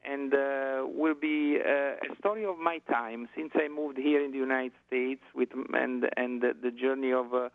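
Casting: Italian-accented male guest, gravelly, tinny phone line, halting with fillers. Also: medium pitch, fairly even intonation. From Italy. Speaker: guest singer. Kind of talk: phone interview.

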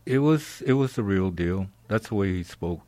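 A man from California talking as a guest about his years as a cameraman, in a halting way with many restarts. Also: low-pitched, expressive, mellow, no echo. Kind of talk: casual interview talk.

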